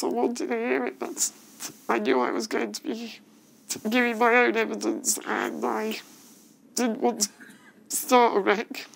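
Woman, tearful testimony, high-pitched, slow, gravelly edge, halting. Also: low-quality recording. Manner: halting, emotional, restarts often. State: tearful, voice breaking. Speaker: witness giving evidence. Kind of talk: testimony at a public inquiry. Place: hearing room.

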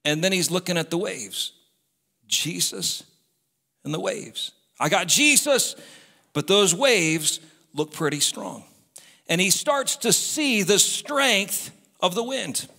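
Fervent high-pitched preacher in a reverberant hall. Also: male voice, sing-song, slow, gravelly, pushed and bright. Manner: impassioned, repetitive exhortations, talks straight to the congregation. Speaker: pastor. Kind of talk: sermon.

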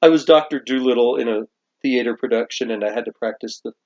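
A man's voice: medium pitch, fast talker, darkish tone. A man with a Southern US accent co-hosting a snack review show, chatting casually and playfully, with bursts of theatrical exclamations. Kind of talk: casual chat. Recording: lo-fi dull recording.

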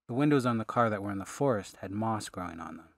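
Low-voiced man narrating an audiobook. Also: animated, fast talker, vocal fry, no room sound, studio quality. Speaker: author reading his audiobook. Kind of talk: scripted narration.

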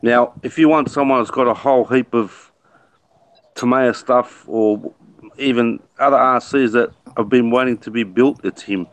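A man's voice: mid-range voice, moderate pace, dry recording. A man from Australia with an Australian accent, bantering easily in a casual group live chat. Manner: easygoing, banters, says "mate".

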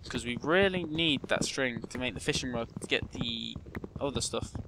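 A young man giving casual gameplay commentary, muttering to himself and breaking into loud, excitable shouts. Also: mid-range voice, moderate pace, gravelly, background noise. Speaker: gaming channel host.

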